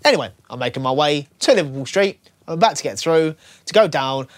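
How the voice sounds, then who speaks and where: Lively young man telling a story. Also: fairly high pitch, brisk, no echo. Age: 20s. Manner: animated storyteller acting out dialogue. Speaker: radio co-host. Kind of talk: casual radio chat, anecdote.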